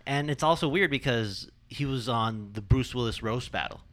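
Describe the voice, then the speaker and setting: A man's voice: medium pitch, moderate pace, a bit bright. A young adult man, a comedian, chatting casually in an easygoing, musing way. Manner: easygoing, agreeable, musing aloud. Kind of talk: casual chat.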